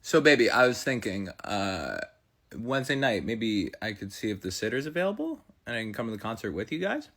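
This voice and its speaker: A man's voice: lowish voice, big pitch swings, fairly quick, fairly bright tone, full character voice. A man playing a whiny, clingy wife who pleads with her husband in a comedy sketch.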